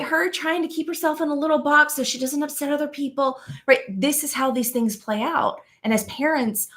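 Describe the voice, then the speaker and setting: A woman's voice: sits high, fairly bright tone. A middle-aged woman, a guest, telling a parenting story in an earnest way and often adding "right?". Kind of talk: casual chat.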